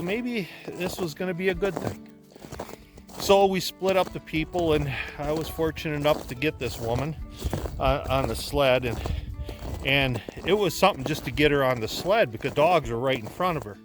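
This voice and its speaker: A man's voice: on the high side, normal speed, music in the background. A man from Wisconsin, a former sled dog guide, telling stories in a casual, rambling way with many restarts. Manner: rambling, repeats words as he restarts. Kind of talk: casual storytelling.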